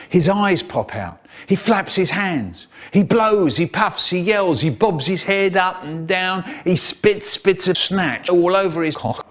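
A man telling a comic story with animated, exaggerated expressive delivery. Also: high-pitched.

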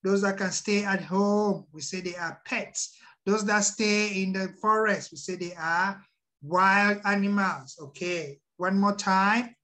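Very slow-speaking Thai woman teacher. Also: mid-range voice, fairly bright tone. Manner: slow, drawn-out word drilling. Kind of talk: online class lesson for children.

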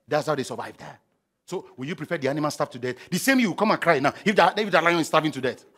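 A middle-aged man preaching a sermon, animated and humorous, acting out scenes with sound effects. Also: a little high, quick pace. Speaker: pastor.

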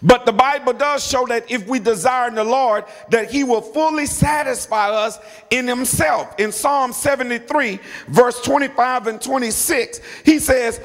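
A man's voice: extremely high pitch, moderate pace. A middle-aged male pastor preaching a sermon, emphatic, repeating words and calling on the congregation to respond. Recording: long hall reverb.

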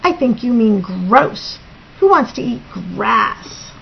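A demanding little male bird from a storybook, put on by a woman reading aloud. His voice is high, squawky and whiny, with a gravelly edge, and it swings wildly up and down. The lo-fi recording sounds dull. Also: sing-song, takes it slowly, a little hiss or hum, heavily acted. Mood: grumpy, picky.

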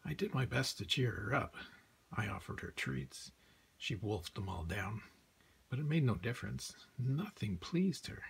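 A man in a Santa persona reading a children's picture book aloud, soft and often half-whispered. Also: lowish voice, sing-song, a little slow, vocal fry, breathy edge. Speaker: storyteller playing Santa.

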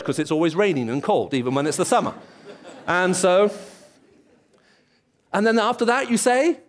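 Man, preacher, sermon, church, high-pitched, storytelling, playful delivery. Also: sing-song, normal speed, pauses often. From England. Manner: storytelling, acts out dialogue and voices.

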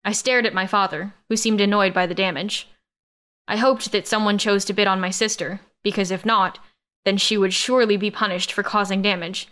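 Smooth-voiced woman narrating an audiobook. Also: medium pitch, fairly even intonation, a little fast, a bit bright. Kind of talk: first-person audiobook narration.

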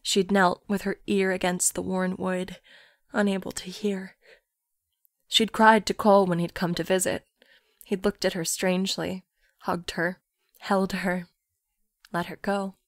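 A woman reading a literary story aloud, in a soft, often near-whispered narration. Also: mid-range voice, little pitch movement, measured pace, no echo, clean studio sound.

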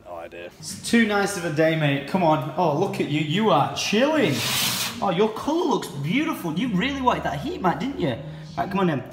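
Excitable young man vlogging. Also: high-pitched, normal speed. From England. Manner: excitable, swears freely, chatty to his pet. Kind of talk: casual vlog chat. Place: around his house and garden, in and out of doors.

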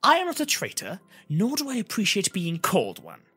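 A man voicing an eccentric male mask seller in an audiobook, speaking in a high, sing-song, theatrical way. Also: huge pitch swings, brisk, bright, forceful tone, breathy edge, faint music behind, full character voice. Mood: ominous.

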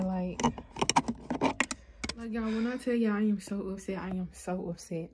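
Young woman, vlogger, casual chat to camera, chatty, talks right to viewers, mid-pitched voice. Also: moderate pace, pauses often, heavy background noise. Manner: chatty, addresses viewers directly, frequent fillers.

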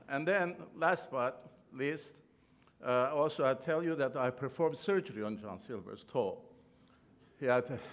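A man's voice: mid-range voice, fairly bright tone. An older man with a non-native English accent gives a eulogy at a memorial. He tells humorous personal anecdotes and chuckles, with slightly non-native grammar, speaking at a podium microphone. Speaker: memorial speaker, former professor and trustee. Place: large ballroom at a podium.

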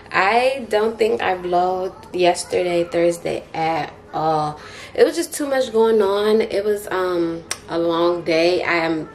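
A woman vlogger chatting casually to the camera in a laid-back, chatty way, filming on a handheld camera. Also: on the low side. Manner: laid-back and chatty, talking straight to the viewers. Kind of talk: casual vlog chat to camera. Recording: noticeable background noise.

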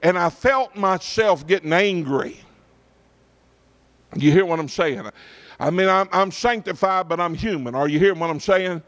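A man's voice: high-pitched, normal speed, fairly bright tone. A middle-aged pastor tells a personal story in his sermon, often checking in with his congregation.

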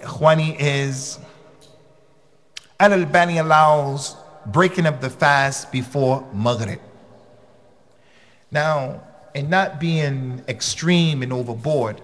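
A man giving a religious lecture as a preacher, talking bluntly and conversationally with sudden emphatic jumps in pitch. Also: a bit bright. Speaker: preacher and khatib. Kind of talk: lecture to a congregation.

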